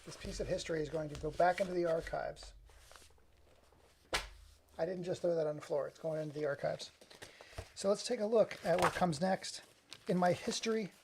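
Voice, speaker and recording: A man's voice: fairly high pitch, moderate pace, creaky, pauses often, noisy background. A man talking casually to the camera in a rambling, self-deprecating way. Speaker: vlogger.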